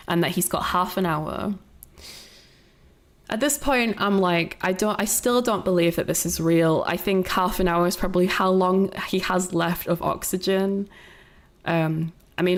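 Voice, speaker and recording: Rambling woman streamer, lowish voice. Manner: rambling, swearing, laughing. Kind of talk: casual reaction commentary.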